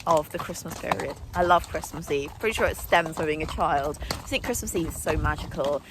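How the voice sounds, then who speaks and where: A young woman with a fairly low voice chats casually to camera about her day at the stables. She talks in a friendly, self-mocking way. The outdoor recording has clear noise behind her. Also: brisk. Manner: chatty, warm-hearted, laughs at herself. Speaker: riding instructor and vlogger. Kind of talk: casual vlog chat to camera.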